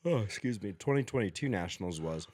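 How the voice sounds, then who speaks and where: A man's voice: on the low side, expressive, quick pace, darkish tone, no echo, studio quality. A man co-hosting a podcast in casual chat, laid-back and agreeable, swearing casually. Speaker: podcast co-host.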